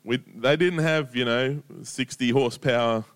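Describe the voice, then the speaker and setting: A man's voice: mid-range voice, normal speed, smooth. A man giving a casual, conversational sermon full of stories and asides. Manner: conversational storytelling, lively, chatty asides. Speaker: preacher.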